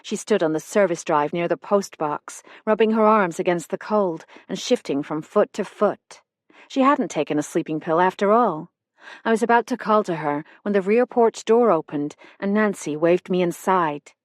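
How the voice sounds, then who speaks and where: A woman narrating a mystery audiobook in an even, measured voice from a close studio mic. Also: fairly low pitch, no room sound. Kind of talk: scripted narration.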